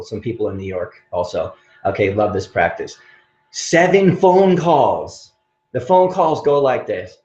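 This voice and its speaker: Man, qigong teacher, playful and animated, echoey room, dull muffled sound. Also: on the high side. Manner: animated and playful, laughing while demonstrating. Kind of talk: motivational teaching talk. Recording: roomy, dull-sounding recording.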